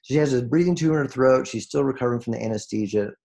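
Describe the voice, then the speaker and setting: Man, gravelly tone, emotional motivational speaker on a video call, earnest, restarts a lot. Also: mid-range voice, fast talker, dark tone. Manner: earnest, emotional, many restarts, voice rises when moved. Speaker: guest speaker on a group call. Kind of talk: heartfelt motivational talk.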